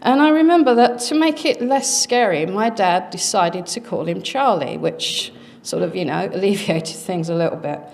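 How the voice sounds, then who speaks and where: A middle-aged woman speaking at a conference, earnestly recounting a family experience with dramatic pauses. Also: mid-range voice, animated, gravelly, darkish tone. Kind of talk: personal storytelling talk.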